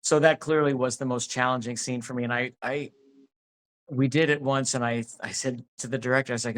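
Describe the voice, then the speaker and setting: Speaking briskly in a steady, medium-pitched, fairly bright voice, an actor chats casually in an interview about his work. His answers ramble, with lots of restarts.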